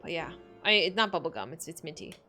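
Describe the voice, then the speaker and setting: A woman's voice: deep voice, sing-song, fast, bright, forceful tone, faint music behind. A woman streamer chatting casually with her viewers while playing, rambling and saying "like" a lot. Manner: chatty, rambling, heavy use of "like"; reads game dialogue aloud. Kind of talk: casual livestream chat while gaming.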